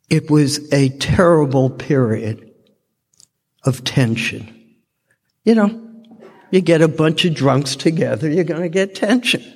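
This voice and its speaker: A man's voice: a little high, darkish tone. An older man giving a heartfelt personal testimony as a speaker at a recovery fellowship meeting. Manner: slow, heartfelt storytelling. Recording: long reverb from a large hall.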